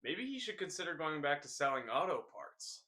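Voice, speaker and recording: A young man hosting a scripted news recap with deadpan, jokey asides and rambling tall tales. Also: on the high side, fairly quick, music in the background. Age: young adult. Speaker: host.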